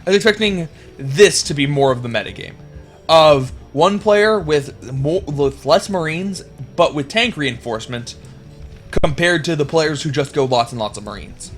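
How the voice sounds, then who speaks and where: A young man casting a video game match, rambling and chatty, getting excited at big plays. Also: fairly high pitch, normal speed, soft background music. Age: young adult. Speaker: game caster. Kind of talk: casual esports commentary.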